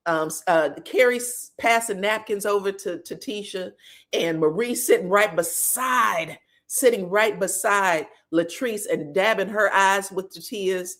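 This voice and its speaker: A woman hosting a live reaction stream, recapping reality TV drama in an animated, emphatic way and laughing often. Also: medium pitch, unhurried. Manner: acts out cast members' lines in quoted voices. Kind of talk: live gossip reaction chat.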